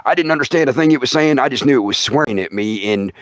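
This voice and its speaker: Speaking fast in a medium-pitched voice, a middle-aged man who does comedy and hosts a podcast spins a funny story for viewers on a livestream. He's animated and keeps laughing at his own tale, captured in a dry recording.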